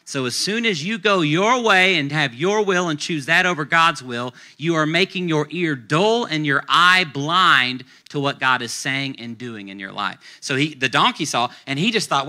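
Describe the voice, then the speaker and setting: A male pastor preaching a sermon, retelling a story in a lively, conversational way and acting out the characters' lines. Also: on the high side, moderate pace, few pauses. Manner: conversational, uses casual slang.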